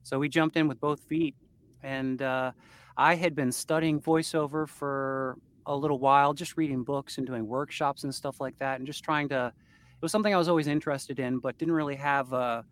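An easygoing man who narrates audiobooks chats as a guest in a relaxed interview. He rambles a little with fillers, laughs often, and speaks at a middle pitch. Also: moderate pace. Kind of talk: casual interview chat.

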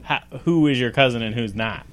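A man co-hosting a podcast, giving dry, deadpan answers in casual chat. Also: mid-range voice, brisk, a little hiss or hum. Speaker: podcast co-host.

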